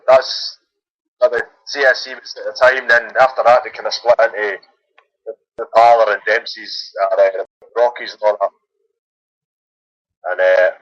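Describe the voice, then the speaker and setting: A man's voice: medium pitch, fairly bright tone, dry recording. Glaswegian man calling in, laid-back. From Glasgow. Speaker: caller. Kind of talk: casual phone-in chat. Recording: dull lo-fi phone call.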